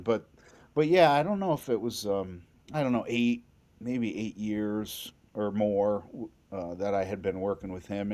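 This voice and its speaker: A lower-voiced man tells his stories with rising excitement, tripping over his own words and restarting as he goes. He is a bassist guest from New England, speaking casually in a podcast interview. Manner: animated, excitable, frequent restarts.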